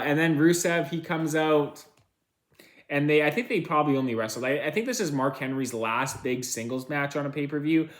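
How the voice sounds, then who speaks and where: Rambling man recapping wrestling matches. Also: mid-range voice. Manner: rambling, filler-heavy, self-correcting. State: tired, yawning. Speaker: wrestling reviewer. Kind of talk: casual recap commentary.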